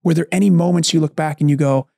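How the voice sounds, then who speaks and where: A man in his forties with a fairly high voice, co-hosting a parenting podcast. He speaks earnestly, laying out an idea and then handing it to his guests as a question. The sound is dry and close. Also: steady tone, fast talker, gravelly, dark tone, no echo. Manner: earnest, coaching tone, explains then asks questions. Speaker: podcast co-host, parenting coach. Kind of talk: conversational podcast talk.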